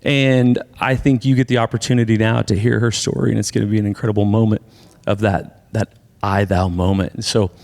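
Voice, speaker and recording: A man's voice: on the low side, fairly quick, gravelly, in a large hall. A man preaching a conversational sermon as pastor, then introducing a guest speaker. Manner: conversational, animated in asides. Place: church sanctuary.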